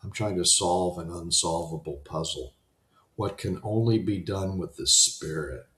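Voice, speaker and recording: A man's voice: low-pitched, unhurried, fairly bright tone, echoey room. A man giving an unscripted motivational talk, rambling and conversational, often restarting his sentences. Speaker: self-help talk host.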